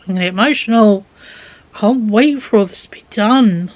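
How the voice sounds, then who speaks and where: A woman's voice: medium pitch, normal speed, lo-fi sound. Weary young woman vlogging. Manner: tired, rambling, drifts into soft near-whispers. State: exhausted. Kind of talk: casual vlog chat. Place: bedroom at home. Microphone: handheld camera.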